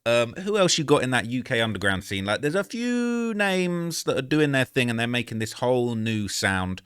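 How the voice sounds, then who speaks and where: A man's voice: medium pitch, big pitch swings, moderate pace, fairly bright tone, clear, resonant tone. A man in his late twenties hosting a reaction video, talking slangy and chatty and checking in with the listener. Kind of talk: casual commentary.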